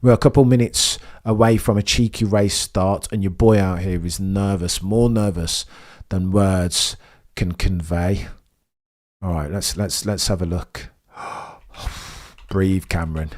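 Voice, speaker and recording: Excitable young man streaming live commentary. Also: deep voice, unhurried. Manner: chatty, talks straight to his viewers; swings from hushed nervous mumbling to loud excited shouting. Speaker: streamer hosting a race watchalong. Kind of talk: live sports watchalong commentary.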